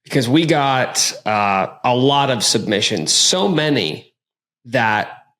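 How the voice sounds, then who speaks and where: A man hosting a casual sports podcast, talking in an energetic, joking way. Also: mid-range voice, slow. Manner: energetic, hyped, jokey. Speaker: podcast host.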